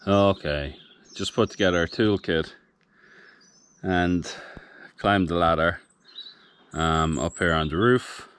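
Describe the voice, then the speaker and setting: Speaking slowly with long pauses, a man in a low, smooth, somewhat bright voice narrates his farmhouse renovation to the camera. He is tired and panting, working on a building site partly outdoors on a roof, and his plain commentary rambles with frequent self-corrections.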